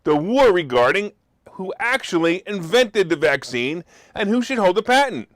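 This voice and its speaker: A man hosting a live market talk show, his voice high and swooping all over the place. He talks with sarcasm and bursts into loud mock outrage, close to a desk mic in a dry, dead room. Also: big pitch swings, moderate pace, no echo. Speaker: host. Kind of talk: opinionated market commentary.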